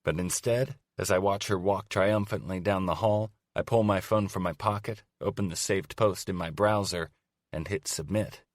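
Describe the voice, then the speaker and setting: Deep-voiced male audiobook narrator. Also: moderate pace, no echo, clean studio sound. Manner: wry, conversational storytelling. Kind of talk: first-person romance audiobook narration. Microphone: studio microphone.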